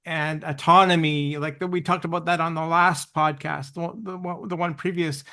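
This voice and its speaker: A high-pitched man co-hosting a casual podcast. He works through his point in halting stops and starts and repeats words as he goes. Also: fairly even intonation, sharp tone. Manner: halting, repeats words while building an argument. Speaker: podcast co-host and producer.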